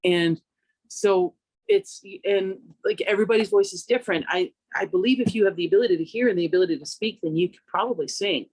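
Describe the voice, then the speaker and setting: A woman singer from Canada speaks in a reflective, conversational way, her pitch jumping upward when she quotes herself. Her mid-range voice sits close and dry on a studio mic, with no room sound around it. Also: very animated, a little fast, darkish tone, slightly rough, no echo. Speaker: singer and vocal coach, interview guest. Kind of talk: radio interview chat.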